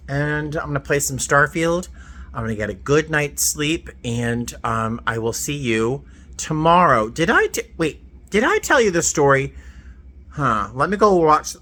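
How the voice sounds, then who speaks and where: An average-pitched man speaks in a casual video diary and tells his stories with lively, self-mocking humor. He sounds like a flight attendant unwinding alone in a hotel room after a long day. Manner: animated storyteller, wry and self-mocking.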